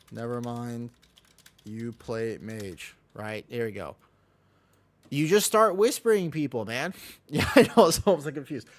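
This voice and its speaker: Male game streamer, loose live-stream banter, talks to chat while showing his screen, swears casually, hammers his point home. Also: fairly high pitch. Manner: casual, profane, explains with emphatic repetition.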